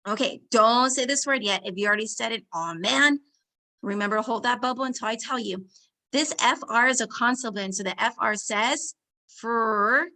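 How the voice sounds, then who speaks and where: A woman teacher, slowly leading young children through a phonics lesson, sounding out words and giving warm encouragement. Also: on the high side.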